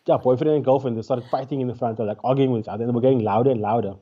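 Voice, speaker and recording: A man's voice: medium pitch, racing, highs cut off. Man telling a gig story. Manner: animated storyteller with frequent fillers and restarts. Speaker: guest comedian. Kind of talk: casual interview storytelling. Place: remote call during lockdown.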